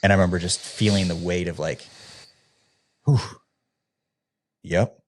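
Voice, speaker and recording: A former youth pastor from the American Midwest speaks fast in a low voice as a podcast guest, telling his personal story casually and candidly. Relaxed and full of fillers, he often acts out the dialogue he's recalling.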